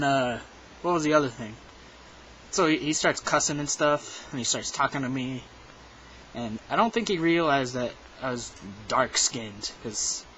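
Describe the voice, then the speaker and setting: Teen guy rambling through a story, says like a lot, muffled cheap mic with a little hiss. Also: medium pitch. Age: teens. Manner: rambling, lots of "like" and "um", animated quoting. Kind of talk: casual storytelling vlog.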